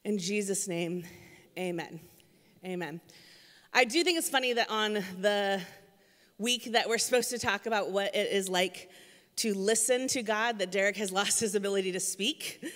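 A woman's voice: medium pitch, moderate pace, fairly bright tone, big-room sound. A woman giving a casual church sermon from the stage, telling chatty, self-deprecating stories with many fillers. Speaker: guest speaker filling in for the pastor.

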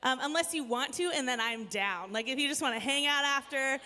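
A woman's voice: high voice, brisk, pushed and bright, in a large hall. A woman in her thirties giving an earnest inspirational talk to a live audience, chatty and self-deprecating, with lots of "like". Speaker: speaker addressing an audience.

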